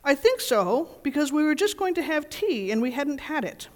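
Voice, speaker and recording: A woman voicing a simple, gentle male teddy bear who speaks humbly and hesitantly in a storybook reading. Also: high-pitched, very animated, normal speed, voice pushed up. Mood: humble. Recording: reverberant church hall.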